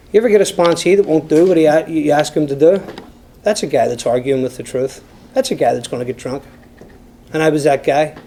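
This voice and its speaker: A man's voice: a little high, warm tone. An Irish man speaking at a recovery meeting, telling his own story to the room and talking straight to the people listening. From Ireland. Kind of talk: personal story told to a group.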